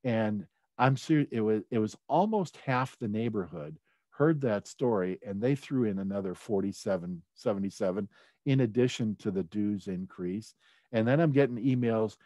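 A middle-aged man speaks in a low, mellow voice, recorded dry and close. He tells a personal story in a loose, conversational way, full of ums and restarts. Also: lively intonation, normal speed, no room sound. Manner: conversational, many fillers and restarts, gets choked up. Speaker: speaker at a leadership talk.

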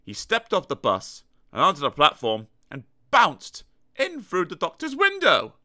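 A man reading a children's storybook aloud in a lively, playful way, with sound effects. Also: high-pitched, unhurried. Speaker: audiobook narrator.

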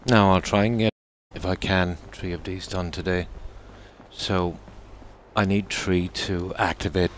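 A man with a very low voice talks through a game build in loose, easygoing commentary. He pauses often and fills the gaps with "um" and "uh". A faint steady hiss sits under his voice. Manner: easygoing, halting with frequent fillers. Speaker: game streamer. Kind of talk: casual commentary on a game tour.

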